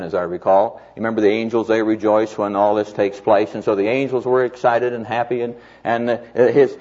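A man preaching a sermon to a live audience, telling stories in a folksy way and slowing down to stress key phrases. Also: mid-range voice, a little mellow. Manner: folksy storytelling with emphatic slowed phrases. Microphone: mic on stand or lapel. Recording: dull lo-fi recording.

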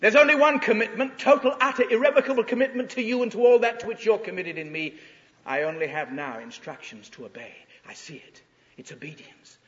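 A man's voice: sits high, a little fast, fairly bright tone. A man preaching in the voice of the patriarch Abraham, praying fervently and emphatically in an echoing hall. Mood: resolute. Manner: fervent first-person prayer, emphatic. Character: anguished aged patriarch Abraham, torn but resolved. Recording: echoey hall, dull lo-fi sound.

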